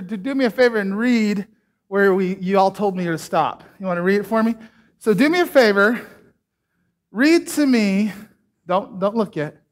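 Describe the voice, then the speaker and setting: A man preaching a casual sermon, chatting and joking with the congregation while doing a trick. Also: high voice.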